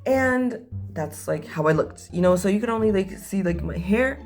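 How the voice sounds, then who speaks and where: A young woman telling a story in a casual vlog, animated and jokey with dramatic asides. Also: mid-range voice, normal speed, soft background music.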